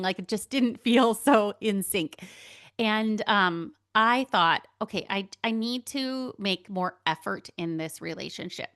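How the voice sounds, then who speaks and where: A woman's voice: mid-range voice, a bit bright, no echo. Woman, podcast host, chatty candid monologue, laughs often, dry close sound. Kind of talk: casual spiritual monologue.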